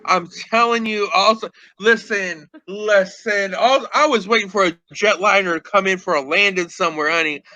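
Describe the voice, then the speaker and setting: A man's voice: high-pitched, moderate pace, few pauses, bright, forceful tone, slight background noise, poor audio. A man hosting a casual gossip chat, sassy and theatrical, calling his co-host girl and honey.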